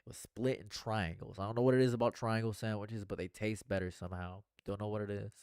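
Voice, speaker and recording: A man streaming a rambling, earnest monologue, going from hushed to excited and repeating his phrases. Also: on the low side, fast talker, clear, resonant tone, dry recording, studio quality. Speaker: commentary streamer.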